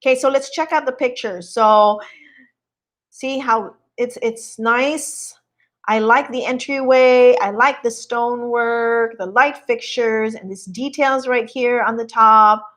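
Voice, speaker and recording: A real estate agent hosts a casual live stream, walking viewers through a home listing in a chatty, admiring way and greeting them as she goes. Her voice is on the high side and a bit bright, with fairly even intonation and a slow pace.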